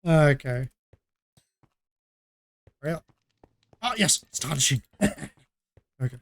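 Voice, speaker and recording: Chatty man from Australia, slightly high voice. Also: lively intonation, slow, pauses often, dry recording. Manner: chatty, laughing, talks to chat between game moves. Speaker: streamer. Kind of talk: casual live gameplay chat.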